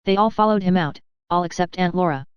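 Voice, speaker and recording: Woman narrator, lowish pitch, very smooth voice, dry and slightly dull recording, measured delivery. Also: no room sound. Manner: measured, clear storytelling. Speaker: audiobook narrator. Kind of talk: scripted narration.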